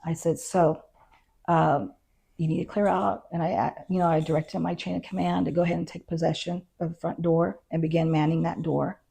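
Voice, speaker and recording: A county constable tells her own story in an interview, her deep, gravelly voice moving briskly with a breathy edge. She animatedly acts out the quoted exchanges, often dropping fillers like "you know" and "um."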